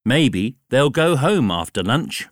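A man voicing a timid, fussy little male tailor in a slow, careful storybook reading for learners. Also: medium pitch, big pitch swings, no room sound, clean studio sound. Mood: fretting. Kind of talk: graded reader storybook narration.

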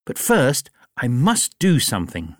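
A man voicing a timid, fussy little male tailor in a slow, careful storybook reading for learners. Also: mid-range voice, huge pitch swings, dry recording, clean studio sound. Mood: fretting. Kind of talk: graded reader storybook narration.

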